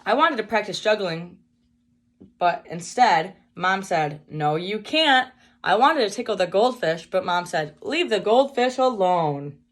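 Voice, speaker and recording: A woman reading a children's book aloud in a slow, emphatic storytelling manner. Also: medium pitch, expressive.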